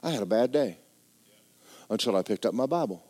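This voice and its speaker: A middle-aged man preaching a folksy, joking sermon in a church, swinging between loud exhortation and quiet asides. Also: mid-range voice, expressive, brisk. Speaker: pastor.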